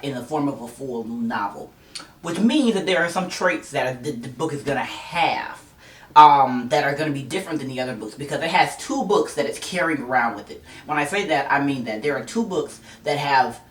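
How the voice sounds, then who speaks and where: A book vlogger chatting casually and excitably, gushing and quick to laugh. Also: medium pitch. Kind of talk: casual chat. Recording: roomy, distant mic, faint music.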